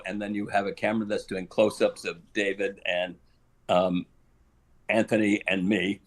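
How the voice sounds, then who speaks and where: An older man, a guest actor on an interview show, telling a long anecdote with frequent chuckles and acted-out lines. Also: fairly low pitch. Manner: animated storyteller, chuckles often, acts out quoted lines.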